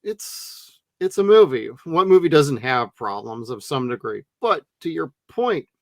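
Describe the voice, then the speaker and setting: Relaxed man on a dry mic. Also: mid-range voice, a little slow, gravelly, no room sound. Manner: relaxed, chatty, agrees often. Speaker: podcast co-host. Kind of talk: casual movie review chat.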